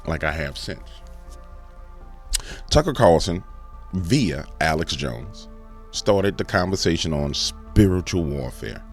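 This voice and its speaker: A man with a low voice hosts a fiery commentary show. He rants fervently, and his pitch swings all over as he goes. There is faint music underneath. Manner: animated, fervent, ranting. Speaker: host.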